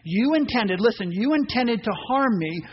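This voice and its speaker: A man preaching a sermon, animated, acting out voices and reading scripture aloud. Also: very high voice, moderate pace, slightly rough. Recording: dull muffled sound with faint noise.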